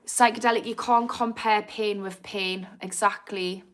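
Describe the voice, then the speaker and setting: A woman's voice: medium pitch, fairly even intonation, unhurried. A woman with a Geordie accent and a slightly posh edge, chatting frankly on a livestream and answering viewers' comments as host. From Newcastle, England. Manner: frank and chatty, swears freely, reads comments aloud. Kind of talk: casual live-stream chat.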